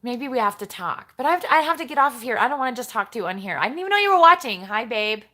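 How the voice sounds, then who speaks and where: A woman's voice: a little high, animated, rapid-fire, sharp tone. A woman hosting a casual live stream, chatting in a rambling way and talking straight to her viewers as she reads their comments. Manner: chatty and rambling, jumps between topics, talks straight to viewers.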